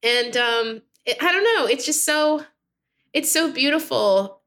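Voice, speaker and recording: Woman guest, bright and forceful tone, lively storytelling, acts out quotes. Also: sits high, unhurried. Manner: animated storytelling, acts out dialogue. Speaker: podcast guest, friendship expert. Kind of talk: casual conversational interview.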